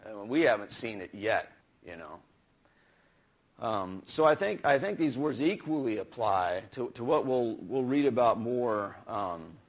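Conversational male preacher. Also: on the low side. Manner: conversational, with frequent restarts and asides to the congregation. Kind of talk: sermon.

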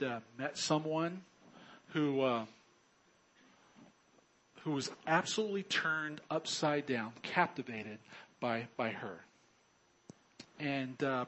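A man preaching a sermon, earnest and unhurried, swinging between loud bursts and quiet low drops. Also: low-quality recording. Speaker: pastor.

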